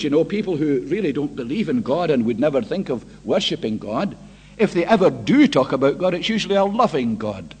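A man's voice: high voice, breathy edge. A man preaching an evening church sermon, impassioned and emphatic, stretching out key words and putting rhetorical questions to the congregation.

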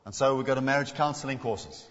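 A man delivering a sermon in a large hall, his voice trailing off into a long reverb. He moves between emphatic points and hushed, slowed quotations. The sound is a little dull and muffled. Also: mid-range voice. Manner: dramatic, drops to a hush when quoting. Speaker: guest preacher.

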